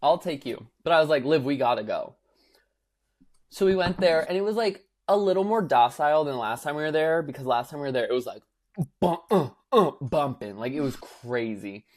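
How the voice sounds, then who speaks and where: A young man co-hosting a podcast, chatting casually and telling an animated story, acting out quotes with lots of filler words. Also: fairly high pitch, a little fast. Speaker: podcast co-host. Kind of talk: casual chat.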